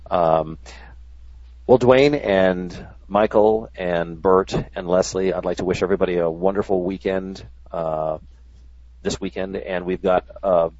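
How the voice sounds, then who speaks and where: A man's voice: low voice, darkish tone, no echo. A man on a radio talk show, a trader who talks in an earnest, rambling way. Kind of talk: casual radio chat. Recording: dry, dull lo-fi sound.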